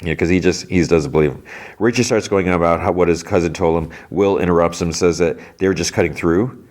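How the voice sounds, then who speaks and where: A man with a low, deep voice hosts a podcast and talks through a TV episode. His retelling is loose and rambling, full of fillers as he goes. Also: quick pace, a little mellow. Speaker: podcast host. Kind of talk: casual episode recap.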